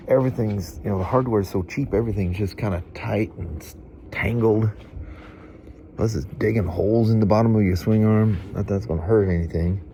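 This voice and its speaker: A man's voice: fairly low pitch, noisy background. A middle-aged man vlogging, a stuffy-nosed storyteller with a chatty, folksy manner who rambles and laughs through his stories. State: congested from hay fever.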